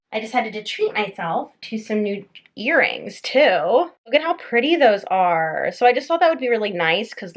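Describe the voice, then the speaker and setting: Bright-voiced chatty young woman vlogger. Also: medium pitch. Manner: chatty, lots of "like" fillers. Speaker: fitness vlogger. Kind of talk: casual vlog talk.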